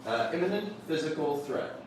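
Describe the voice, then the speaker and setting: Animated man teaching in an echoey room. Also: on the high side, normal speed, far from the mic, background noise. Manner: animated, questions the audience, repeats instructions. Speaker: seminar speaker. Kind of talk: motivational workshop talk.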